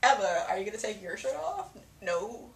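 A young woman giving a casual, profane movie reaction vlog, excitable and acting out her reactions. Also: mid-range voice, normal speed. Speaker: film reviewer. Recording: echoey room.

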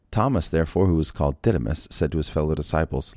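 A man with a low voice reads scripture aloud and interrupts himself with casual, joking asides, laughing and sighing. The recording is dry and close. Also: fast, hardly any pauses, a little mellow, no room sound. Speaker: Bible reader. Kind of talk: scripture reading with casual commentary.

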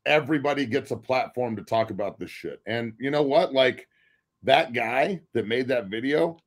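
A former football player appears as a guest in a casual podcast debate about football, blunt and full of profanity. He speaks at a moderate pace in a medium-pitched male voice.

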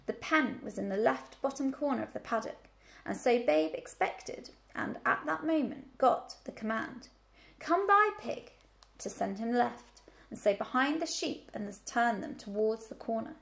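A woman teacher reading a children's book aloud, telling the story clearly and expressively. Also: on the high side, moderate pace.

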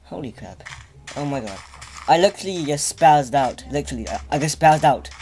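A man giving let's play commentary, stammering and repeating himself as he gets excitable. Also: fairly high pitch, brisk, a little hiss or hum. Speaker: gaming channel host.

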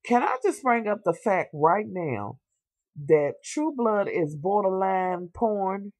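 A man's voice: sits high, takes it slowly, dry recording. A young man, animatedly recapping a TV episode in casual slang, swearing freely and talking straight to his viewers. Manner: animated, sassy storytelling with slang and asides to viewers. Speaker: TV show reviewer.

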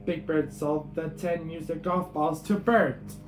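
A man reading a picture book aloud in a steady way, with small slips. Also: on the high side, slow pace. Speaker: storybook reader. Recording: echoey room with guitar music.

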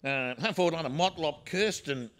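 A man's voice: on the high side, normal speed, a bit bright. Rambling Australian sports-show man. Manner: rambling, confident predictions, lots of uh fillers. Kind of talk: casual sports chat.

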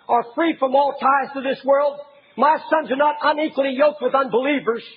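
A man preaching an impassioned sermon as a pastor, often raising his voice to a shout. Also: extremely high pitch, highs cut off.

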